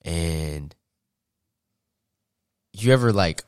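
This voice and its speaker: A young man from Atlanta, a podcast guest, telling stories in a casual, slangy, animated way and laughing often. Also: low-pitched, drawn-out words, clear, resonant tone, no echo, clean studio sound. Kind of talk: casual storytelling.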